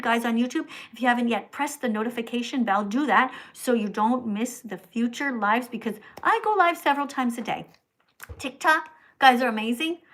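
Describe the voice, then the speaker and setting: Middle-aged woman streamer, slightly high pitch; preachy, scolding, keeps repeating the viewer's name, hushed then loud. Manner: swings between hushed whispers and loud outbursts. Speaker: livestream host. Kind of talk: livestream reading paid chat messages.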